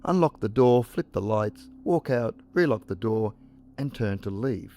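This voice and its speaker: A man reading first-person ghost stories as scripted narration, measured and with dramatic pauses. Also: fairly low pitch, expressive, mellow, faint music behind.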